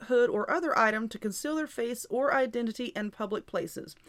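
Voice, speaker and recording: A woman's voice: a little high, a bit bright. A middle-aged woman hosting a casual show, reading an article aloud with chatty asides and frequent laughter. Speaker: host.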